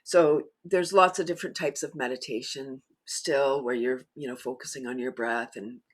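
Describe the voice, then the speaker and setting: A woman guest in a casual interview, talking enthusiastically and laughing often as she explains. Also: moderate pace. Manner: animated storyteller, bursts higher and louder when excited. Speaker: guest, laughter yoga teacher.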